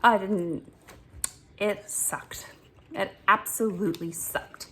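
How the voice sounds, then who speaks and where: A woman vlogging casually about her own recent ordeal, animated and exasperated, breaking into laughter often. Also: mid-range voice, takes it slowly, background noise. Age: adult with children. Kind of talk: casual storytelling vlog.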